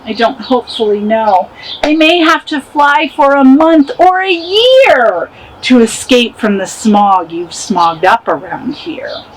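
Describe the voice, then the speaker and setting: A grumpy little forest creature scolds and protests in a high, unhurried storybook voice, as a woman reading aloud puts him on. He sounds indignant and fussy, and a faint hiss sits behind him. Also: big pitch swings, poor audio. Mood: scolding.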